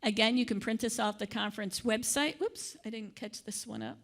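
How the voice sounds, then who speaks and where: A woman's voice: fairly high pitch, fairly quick, fairly bright tone. An older woman from Michigan giving a conference workshop presentation, chatty, with joking asides and the odd stumble over her words.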